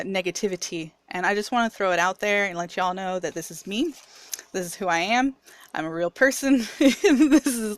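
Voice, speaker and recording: A woman's voice: medium pitch, clear, resonant tone, dry recording. A woman reviewer with a mixed, picked-up accent, talking candidly in a casual, chatty personal vlog. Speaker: video reviewer.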